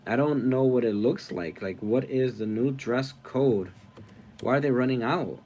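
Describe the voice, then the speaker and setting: A man's voice: mid-range voice, a little slow, darkish tone, a little hiss or hum. Rambling man hosting a live stream. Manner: rambling, thinks aloud, plugs subscribing. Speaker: livestream host. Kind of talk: casual live-stream chat reading comments.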